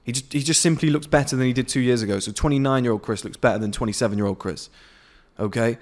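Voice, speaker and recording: Outdoors on his patio, a man in his late twenties gives an unscripted, profane and blunt motivational rant to camera as a men's self-improvement vlogger. He speaks quickly at medium pitch, with a somewhat mellow tone.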